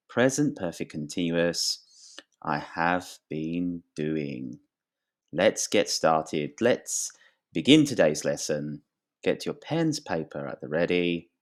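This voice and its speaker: A man teaching an English grammar lesson, speaking slowly and clearly and lifting his voice on questions. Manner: slow, clear and lively, rising pitch on questions.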